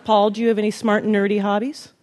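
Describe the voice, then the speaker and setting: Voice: mid-range voice, little pitch movement, fast, darkish tone, a little hiss or hum. A host of a live game show who introduces contestants and teases them with upbeat banter. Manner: upbeat, teasing banter with guests. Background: audience laughter.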